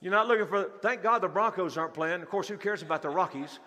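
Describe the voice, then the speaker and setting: Male pastor, high-pitched, repetitive sermon delivery in a large hall. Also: quick pace, pushed and bright, a little hiss or hum. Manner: rhetorical questions to the congregation, repeats key phrases. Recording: long hall reverb.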